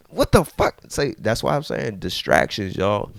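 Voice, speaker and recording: A man rants casually straight to camera, heavy with slang and repeated phrases. His voice is very lively, swinging from low mutters up to sharp outbursts. The sound is dry and close. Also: normal speed, clean tone, no echo. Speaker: vlogger.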